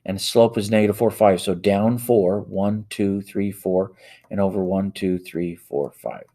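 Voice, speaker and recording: A man's voice: sits low, fairly even intonation, unhurried, warm tone. A man teaching a math lesson, working problems aloud step by step and correcting himself as he types into a calculator. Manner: talks aloud while typing into a calculator, self-correcting. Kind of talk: worked-example math lesson.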